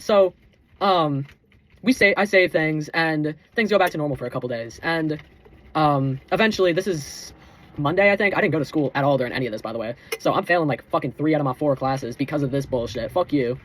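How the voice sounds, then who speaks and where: A man's voice: on the high side, lively intonation, fast talker. A teenage boy telling a heated storytime rant, swearing constantly and calling the listener bro and dude. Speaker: vlogger.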